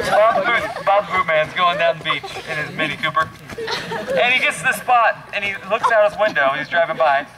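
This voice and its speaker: A man telling a long joke in an animated, chuckling way, often restarting his sentences. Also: high voice, rough recording. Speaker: joke teller. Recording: loud background noise.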